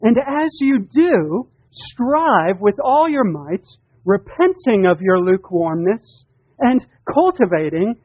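A man's voice: high-pitched, very animated, slow pace, no room sound. A man preaching a sermon, earnest and emphatic, often repeating his words as he presses a point. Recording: dull, dry lo-fi sound.

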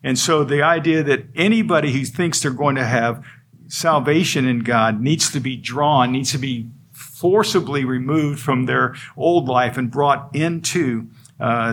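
A man's voice: medium pitch, moderate pace, a bit bright, slightly rough. A man preaching an expository sermon, earnest and emphatic, driving points home through repetition. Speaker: pastor.

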